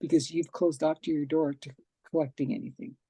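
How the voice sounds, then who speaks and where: Podcast host lady, warm mellow tone, dry close sound, acts out her stories. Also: sits low, brisk, slightly rough, no echo. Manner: lively storyteller acting out quoted dialogue. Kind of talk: casual interview chat.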